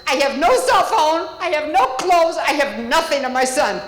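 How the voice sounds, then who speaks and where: A woman's voice: high-pitched, expressive, normal speed. A grieving woman speaking at a public meeting, tearful and angry, her voice breaking as she talks. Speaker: public commenter. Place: village board meeting hall. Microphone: podium microphone. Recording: echoey hall, long reverb.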